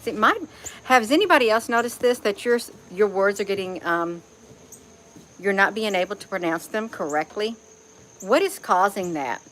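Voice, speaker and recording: A woman's voice: mid-range voice, lively intonation, moderate pace, fairly bright tone, a little hiss or hum, rough recording. A woman hosting a casual livestream outdoors, chatting to viewers by name in a folksy way and often saying "you all". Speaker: livestream host reading chat. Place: outdoors among trees.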